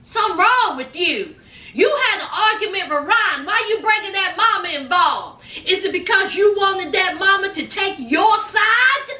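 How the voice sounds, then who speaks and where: Woman with a very high, bright voice, sassy recap host, roomy distant sound. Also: animated, normal speed. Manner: sassy, scolding, talks straight to the people she recaps. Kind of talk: casual recap commentary. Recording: echoey room, distant from the mic.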